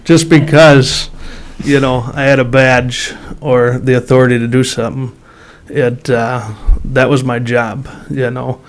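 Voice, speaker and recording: A man's voice: mid-range voice, flat delivery, measured pace. A man running for sheriff, giving a down-to-earth, humble closing statement. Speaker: sheriff candidate. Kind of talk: plain-spoken closing statement. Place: public meeting hall.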